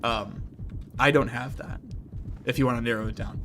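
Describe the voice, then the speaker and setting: Young midwestern guy rambling on his stream, lots of likes, bright punchy voice. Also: mid-range voice, fairly even intonation, normal speed, faint music behind. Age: young adult. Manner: rambling, filler-heavy. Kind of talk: casual chat on a live stream.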